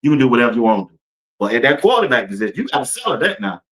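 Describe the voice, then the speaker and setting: A man's voice: mid-range voice, sing-song, racing, a bit bright. A man hosting a casual sports talk stream, speaking loosely and colloquially, laughing often and talking straight to his viewers. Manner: addresses viewers and chat directly. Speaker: sports talk show host. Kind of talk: casual sports commentary livestream.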